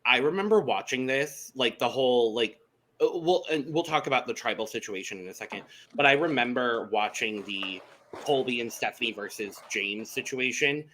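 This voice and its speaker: A man in a casual podcast chat with a bright, forward voice at a middle pitch. He talks candidly and chats freely, quick to back up his co-hosts. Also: lively intonation, a little hiss or hum. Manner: candid, chatty, quick to agree. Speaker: podcast co-host.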